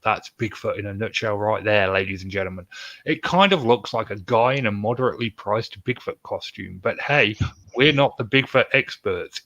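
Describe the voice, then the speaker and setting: A man's voice: lowish voice, fairly bright tone, no room sound, muffled recording. A man hosting a podcast, reading news stories with joking, sarcastic asides. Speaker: podcast host.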